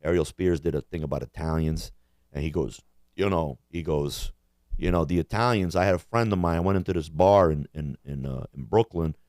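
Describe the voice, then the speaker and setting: With an extremely low, darkish voice and a brisk pace, this podcast co-host rambles casually through profane rants, crude jokes and jokey impressions. The recording is dry and studio quality.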